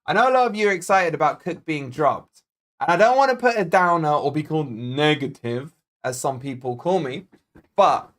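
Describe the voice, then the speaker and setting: Scottish guy doing a footy watch-along, bit of a higher voice, jokey and chatty, answering chat the whole time. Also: lively intonation, moderate pace, a bit bright. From Scotland. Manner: chatty, jokey, reads viewer comments aloud. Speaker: football fan channel host.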